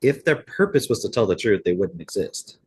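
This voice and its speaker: A man's voice: on the low side, very animated, brisk, darkish tone, slightly rough. A man co-hosting a casual podcast, laying out his points step by step. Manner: explanatory, argues points step by step. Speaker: podcast co-host.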